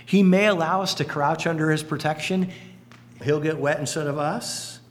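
A man preaching a sermon, telling stories earnestly with lively swings in pitch and loudness. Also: moderate pace. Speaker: pastor. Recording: long hall reverb, faint hum.

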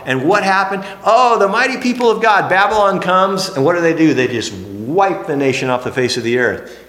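A man preaching a sermon, emphatic, dropping to hushed lines and then rising to animated exclamations. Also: on the high side, normal speed. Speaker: pastor. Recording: echoey hall.

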